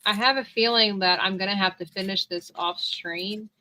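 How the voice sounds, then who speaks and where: A woman hosting a livestream, chatting casually while she draws, upbeat and joking, quick to gush with praise. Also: mid-range voice, steady tone, pushed and bright, a little hiss or hum, low-quality recording. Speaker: livestream host. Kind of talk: casual chat while drawing.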